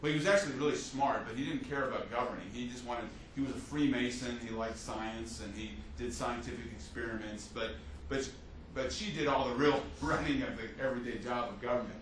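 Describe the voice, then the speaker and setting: A man teaching a history class as a lecturer, telling the story with lively restarts and fillers. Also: medium pitch, brisk, hardly any pauses. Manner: animated storytelling with many restarts. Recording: echoey classroom from a distance, faint hiss.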